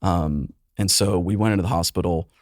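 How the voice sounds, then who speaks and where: A man in his thirties, a youth pastor guest on a podcast, telling a painful personal story earnestly and with emotion, often softening his voice. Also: fairly quick, no room sound, studio quality. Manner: earnest, emotional storytelling, voice drops low and soft in painful moments. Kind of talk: personal testimony in conversation.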